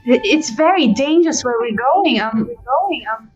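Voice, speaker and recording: A woman's voice: high voice, lively intonation, moderate pace, lo-fi sound, faint music behind. A woman playing a tabletop game, giggly and exclaiming as she speaks in and out of character. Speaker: player. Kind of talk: tabletop role-play, casual chat.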